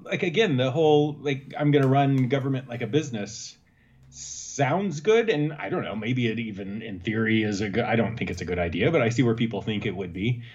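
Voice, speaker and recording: A man's voice: medium pitch, expressive, brisk, darkish tone, husky. A man from Texas co-hosts a casual politics chat, starting and restarting his sentences as he thinks. His recording sounds a little dull and lo-fi. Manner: hesitant, many restarts. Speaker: podcast co-host.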